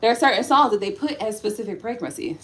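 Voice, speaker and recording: Woman, high voice, lively swooping pitch, blunt joking livestream host, faint hiss behind. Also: fast talker. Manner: laughs often, banters bluntly. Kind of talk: casual livestream chat.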